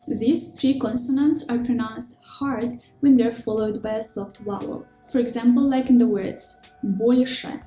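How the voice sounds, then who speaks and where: A woman delivers a scripted pronunciation lesson in a clear, measured way. Her voice sits fairly high but sounds mellow. The room is echoey, with soft music underneath. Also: steady tone. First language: Russian. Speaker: language teacher. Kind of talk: scripted instructional narration. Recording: roomy echo with faint background music.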